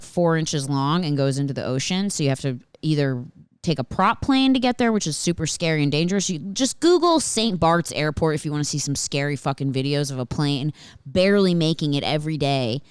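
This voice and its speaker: Low, smooth-voiced woman podcast host. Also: no room sound, clean studio sound. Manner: animated and profane, with frequent swearing and filler words. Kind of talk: casual storytelling monologue.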